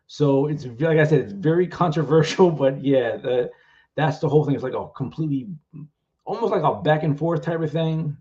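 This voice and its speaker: A man's voice: fairly high pitch, a little fast, a little mellow. Rambling man with muffled audio. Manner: rambling, heavy use of "like". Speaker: author. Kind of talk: casual livestream chat.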